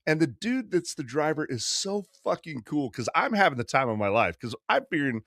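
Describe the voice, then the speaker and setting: Animated fifty-something man telling stories. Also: a little high, fairly quick, no echo, studio quality. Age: 50s. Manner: profane, animated storyteller who acts out quoted voices. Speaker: podcast host. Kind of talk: casual storytelling chat.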